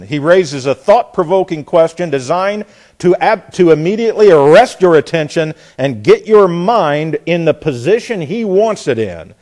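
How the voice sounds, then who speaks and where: A man teaching from the Bible in a sermon, often repeating words as he searches and slowing down hard to stress key phrases. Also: high-pitched, a little mellow. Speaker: preacher.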